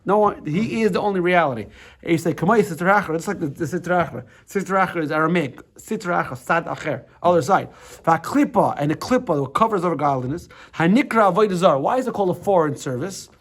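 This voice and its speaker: A middle-aged rabbi from the United States leads a casual class in a voice that sits high, with lively intonation and a quick pace. His loose, conversational delivery includes restarts and repetitions, and he keeps asking the room "right?"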